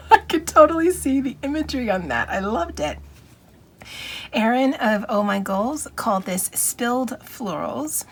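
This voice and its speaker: A woman hosting a planner vlog, chatting casually, reading out viewer comments, greeting viewers by name and laughing often. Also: fairly high pitch. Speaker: planner vlogger host.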